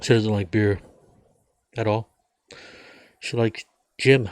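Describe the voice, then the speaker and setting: A rambling man with a drawl talks to the camera in a loose, folksy way. His voice sits on the low side. The sound is dry and close, with no room echo. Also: lively intonation, slow, long pauses. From United States. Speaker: vlogger. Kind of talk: casual beer-drinking monologue.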